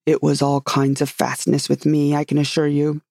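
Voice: medium pitch, completely flat delivery, moderate pace, creaky, darkish tone, dry recording, clean studio sound. A reader doing a grave, rambling inventor knight. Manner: grave, earnest, meandering. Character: rambling, solemn inventor knight, middle-aged man.

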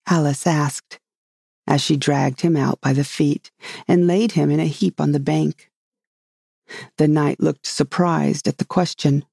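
A reader narrating a classic storybook in a steady, measured way. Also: mid-range voice, gravelly, slightly rough, dry recording, studio quality.

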